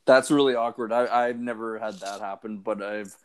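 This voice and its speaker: A man in casual chat, reacting and asking quick questions. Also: lowish voice, steady tone, clear, resonant tone.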